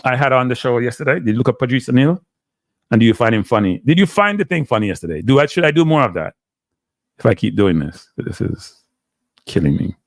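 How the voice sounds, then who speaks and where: A man's voice: mid-range voice, big pitch swings, fast talker, dry recording. A man with a Jamaican accent hosting a live stream, talking casually to his chat in a rambling, exasperated way and slipping into patois. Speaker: live show host.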